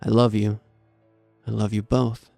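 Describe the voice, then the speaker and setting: A man's voice: lowish voice, level tone, a little slow, gravelly, dark tone, dry recording, soft background music. A man voicing a resolute, protective mother who gives firm, urgent instructions.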